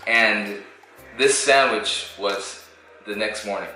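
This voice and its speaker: A man's voice: fairly low pitch, slow, sharp tone, heavy reverb, soft background music. A man with a New York accent, a chef and co-host telling a story in a casual, teasing way full of street slang. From New York City.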